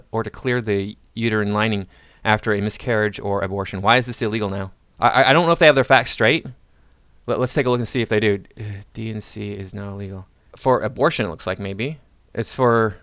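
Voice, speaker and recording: A man's voice: lowish voice, fairly bright tone, clean tone, no echo. A man hosting a commentary channel, reading out an article and mocking it in a sarcastic, ranting way.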